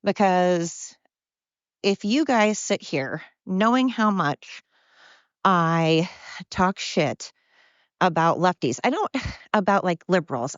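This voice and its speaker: Female podcast host, low voice, tired and out of breath, blunt rambling solo chat, dry lo-fi outdoor recording. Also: no room sound. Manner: chatty, blunt, self-deprecating, drifts off topic. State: exhausted and winded. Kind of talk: rambling casual monologue.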